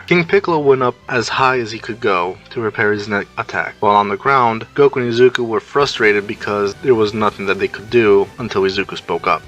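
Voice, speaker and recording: A man's voice: fairly low pitch, a little fast, few pauses, a bit bright, highs cut off, soft background music. A man reading a fan fiction story aloud as narrator, telling it plainly and introducing each character's line.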